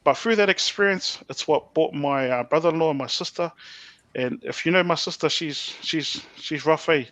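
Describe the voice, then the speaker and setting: A young man with a New Zealand accent, a podcast guest sharing his testimony in a soft, halting way with many fillers. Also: a little high, no echo. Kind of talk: personal testimony.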